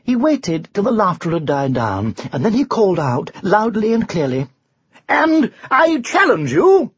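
A storyteller reading a children's storybook aloud with expressive, animated narration. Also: mid-range voice, moderate pace, slightly rough, no room sound, lo-fi sound.

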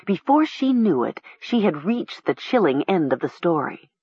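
A woman narrating a storybook in a measured, expressive way. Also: lowish voice, slightly rough, dry recording. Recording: dull lo-fi recording.

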